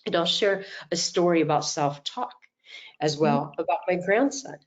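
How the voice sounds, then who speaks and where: A middle-aged woman coach giving an animated motivational talk, telling stories and acting out quotes, over a video call. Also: lowish voice, moderate pace, muffled recording. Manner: animated storytelling, acts out quotes.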